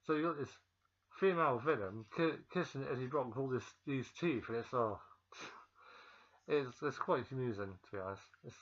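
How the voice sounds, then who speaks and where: A man talks his viewers through a film's story in a loose, unscripted way, stopping for ums and restarting half-finished words. His voice sits at an average pitch for a man. The recording is dull and lo-fi, as if made on a simple home setup. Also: fairly bright tone. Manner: rambling and hesitant, many ums and restarts. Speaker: film reviewer. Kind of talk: casual spoken film recap.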